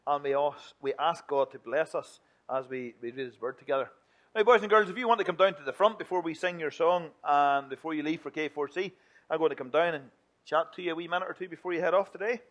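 A man's voice: fairly high pitch, quick pace, a bit bright. Playful male minister. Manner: playful and chatty, mimicking whiny children. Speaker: minister leading a children's talk. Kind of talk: lively church children's talk.

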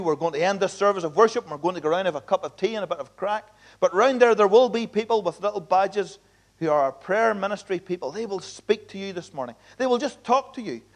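Male pastor, high voice, emphatic earnest sermon delivery. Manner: earnest, emphatic preaching with repeated appeals. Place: church.

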